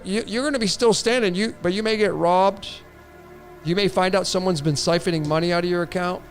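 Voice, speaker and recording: Man, tarot livestream host, loose and rambling with restarts, higher voice. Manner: rambling, repetitive restarts, casual swearing. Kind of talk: casual livestream reading.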